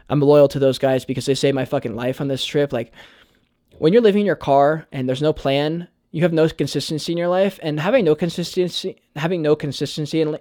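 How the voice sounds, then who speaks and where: Earnest young man, slightly high voice. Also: mellow, no echo, clean studio sound. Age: young adult. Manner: earnest, heavy on "like" and swearing. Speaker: YouTuber. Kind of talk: casual vlog monologue.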